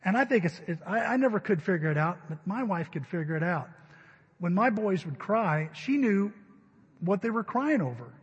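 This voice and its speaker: A man's voice: high voice, sing-song, normal speed, slightly rough, long reverb tail, lo-fi sound. A middle-aged man preaching a sermon in a church, telling stories in a conversational way. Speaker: pastor. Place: church sanctuary.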